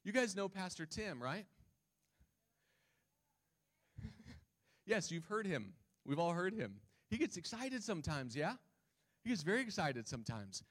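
A man's voice: high voice, very animated, moderate pace, fairly bright tone. A man preaching a sermon, reading scripture and talking casually with the congregation, often asking them questions. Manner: conversational, asks the congregation questions. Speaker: pastor.

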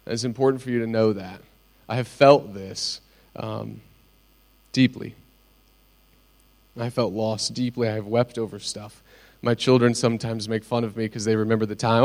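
A middle-aged man preaching a sermon, speaking earnestly and telling personal stories with pauses. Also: lowish voice, fairly even intonation, darkish tone. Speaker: pastor.

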